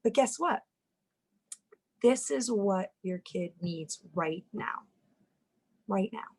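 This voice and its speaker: A woman family therapist giving a lively talk on parenting, acting out the inner voices of parents and kids, often repeating words as she goes. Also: medium pitch, takes it slowly, breathy edge, rough recording. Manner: animated, acts out parents' and kids' inner voices; repeats words and restarts sentences when speaking.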